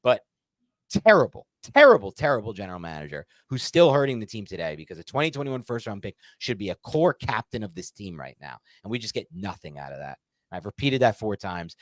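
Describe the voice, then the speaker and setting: A stressed man co-hosting a sports podcast, ranting heatedly and swinging between loud outbursts and muttered calm. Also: lowish voice, brisk, dry recording. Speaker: podcast co-host. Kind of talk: casual sports podcast rant.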